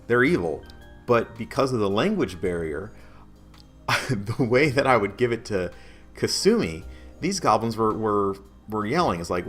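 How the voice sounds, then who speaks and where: A man's voice: fairly low pitch, sing-song, measured pace, fairly bright tone, soft background music. A man acting as game master, casually recapping a tabletop game session at home, rambling with many restarts. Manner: rambling, many restarts, chuckles now and then.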